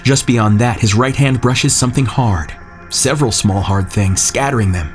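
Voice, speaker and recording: A man narrating a scripted horror story in a measured, tense way. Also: mid-range voice, faint music behind.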